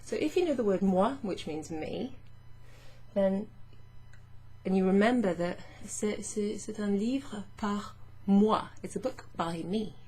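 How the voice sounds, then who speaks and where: A woman teaching French grammar in a patient, chatty way, reading French phrases slowly and explaining them. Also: mid-range voice, mellow, breathy edge. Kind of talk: casual explanatory lesson.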